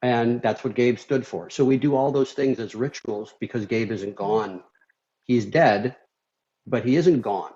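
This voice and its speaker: A man's voice: mid-range voice, a little slow, mellow. A middle-aged man from Minnesota, a surgeon guest on a podcast, talking candidly and rambling with many "you know" fillers. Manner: rambling, frequent "you know" fillers, laughs while telling stories. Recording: slightly dull lo-fi audio.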